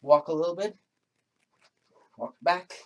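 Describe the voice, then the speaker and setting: Male fitness instructor, slightly high voice, slow unhurried delivery, breathless from exercising, chatty and joking through the burn. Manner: chatty, jokes and laughs through the effort. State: panting from exercise. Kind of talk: home workout class instruction.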